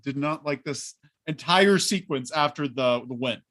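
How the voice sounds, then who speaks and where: A man co-hosting a casual wrestling talk show, animated and reading live chat comments aloud. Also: a little high, unhurried. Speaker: podcast co-host.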